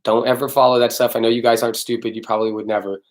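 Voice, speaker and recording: A man's voice: medium pitch, little pitch movement, rapid-fire. A man hosting a casual live-stream Q&A as a dog trainer, talking bluntly, swearing freely and answering viewers by name.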